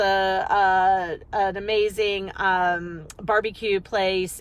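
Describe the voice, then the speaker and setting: A woman business coach chatting casually on a live video, rambling and energetic, talking into a phone while driving. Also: medium pitch, low-quality recording.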